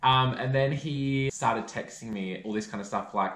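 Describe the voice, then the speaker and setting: A man's voice: mid-range voice, moderate pace, a bit bright, echoey room. A young man, telling a story in a chatty vlog style, full of "like" fillers. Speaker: vlogger.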